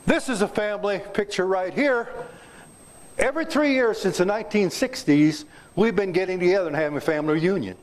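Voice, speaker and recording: His voice is high and fairly quick. The speaker is a man in his seventies from south central Kansas, a guest at a club meeting room giving a folksy, joking talk and quizzing those present.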